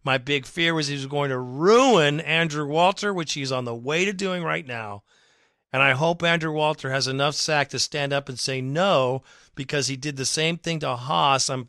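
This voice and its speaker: A man's voice: fairly high pitch, moderate pace, bright, forceful tone, no echo, clean studio sound. A man hosting a fan podcast, ranting emphatically and with exasperation about his team's coaching. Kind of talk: ranting sports commentary.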